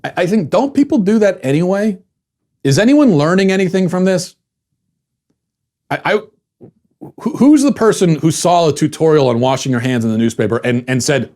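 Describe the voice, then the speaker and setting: A man's voice: fairly high pitch, very animated, moderate pace, a little mellow. A man hosting a commentary podcast, talking in a wry, sarcastic monologue with frequent restarts. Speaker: podcast host.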